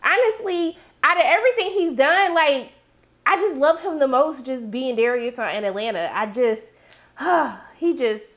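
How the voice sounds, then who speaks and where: Sassy, animated woman recapping TV. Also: high voice, moderate pace. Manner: animated, sassy, acts out reactions to the characters. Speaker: TV recap host. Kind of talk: casual recap commentary.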